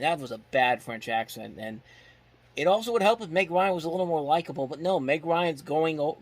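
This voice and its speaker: A man giving a casual spoken movie review, frank and critical, rambling as he talks. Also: mid-range voice. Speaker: film reviewer.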